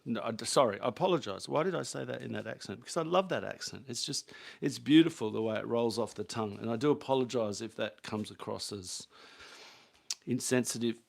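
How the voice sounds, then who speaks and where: Man with a gravelly voice, chatty livestream host, rambling delivery. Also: a little fast. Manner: rambling, chatty, talks to his dogs in a high baby voice. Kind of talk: casual livestream chat.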